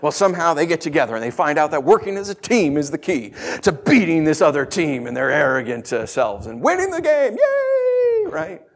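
A man preaching a sermon in an animated, conversational way, full of rhetorical questions. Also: fairly high pitch, brisk, few pauses.

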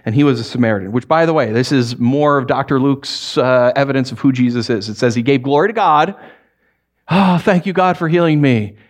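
A man's voice: mid-range voice, quick pace, few pauses. A man preaching in a conversational, joking way, now and then acting out little voices of the people he talks about. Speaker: pastor. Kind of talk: sermon.

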